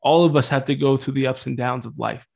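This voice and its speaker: A man's voice: mid-range voice, steady tone, a little fast, gravelly, darkish tone. A man in his thirties speaking in an ordinary mid-range voice as he hosts a faith podcast. His talk is earnest and loose, full of restarts and asides. Now and then he lets a mild curse slip. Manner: earnest, rambling, swears lightly. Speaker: Catholic podcast host.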